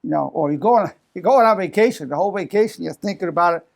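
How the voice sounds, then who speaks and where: An older man in his eighties gives a psychology lesson with a gravelly, somewhat high voice. He talks freely, restarting and repeating words. He lifts his voice to act out how people sound when they feel defensive. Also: quick pace. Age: 80s. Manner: animated, acts out defensive quotes with raised voice. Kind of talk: unscripted talk to camera.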